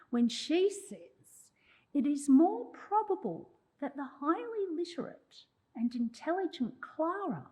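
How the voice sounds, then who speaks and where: A woman's voice: fairly high pitch, mellow, poor audio. A woman, a journalism historian delivering a prepared public lecture with wry asides to the audience. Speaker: journalism historian giving an oration.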